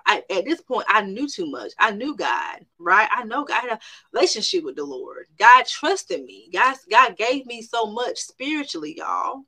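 A middle-aged woman tells a personal faith testimony with a bright, sharp tone. She speaks emphatically, repeats her phrases for weight and keeps addressing her listeners directly. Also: fairly high pitch, sing-song, moderate pace. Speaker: private practice owner.

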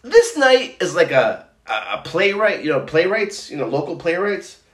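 A man's voice: high voice, moderate pace. Rambling middle-aged man in a roomy space. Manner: rambling, animated storyteller, many restarts. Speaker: podcast co-host. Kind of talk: casual chat. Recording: roomy echo.

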